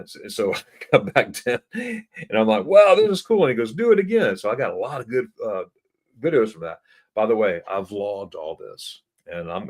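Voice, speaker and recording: A middle-aged man telling a travel story in a casual live stream, animated, often repeating words and jumping into a high excited voice to act out what he said. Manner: animated, repeats words, acts out his own past remarks in a high excited voice.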